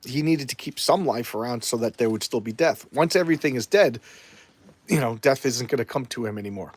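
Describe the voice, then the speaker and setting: A man's voice: medium pitch, brisk, husky. A man rambling through an opinionated casual review of an old comic book.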